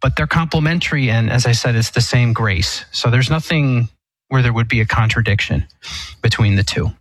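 Husky-voiced priest explaining calmly. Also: male voice, medium pitch, dry recording, rough recording. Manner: measured, explanatory teaching tone. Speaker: Eastern Catholic priest. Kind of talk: answering listener questions on call-in radio.

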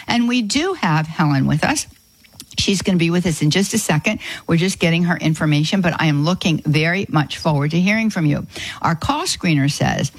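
A woman hosting a Catholic call-in radio show, folksy and quick to exclaim in sympathy. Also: fairly low pitch, slightly rough, dry recording, poor audio. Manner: warm-hearted, folksy, exclaims often. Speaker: radio host. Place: radio studio.

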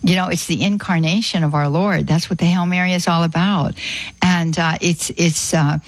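A woman with a low, husky voice hosts a call-in radio program, gushing with gratitude and praise for her callers. The studio sound is dry and close. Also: steady tone, normal speed, dry recording, poor audio. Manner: warm, effusive, repeats "beautiful" often. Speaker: radio call-in show host. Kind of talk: Catholic radio call-in chat.

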